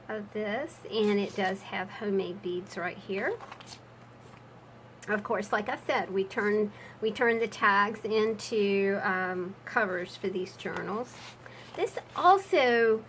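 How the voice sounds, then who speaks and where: A woman's voice: mid-range voice, expressive, slow pace, a little hiss or hum, low-quality recording. A woman talking through her handmade journals in a casual crafting vlog, chatty and prone to rambling asides.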